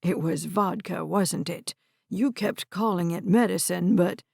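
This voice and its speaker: A woman's voice: fairly low pitch, a little slow, creaky, a little mellow, slightly rough, no echo, clean studio sound, full character voice. A woman voicing a frail, kindly old grandfather with a quavering, hesitant voice in an audiobook. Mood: hurt.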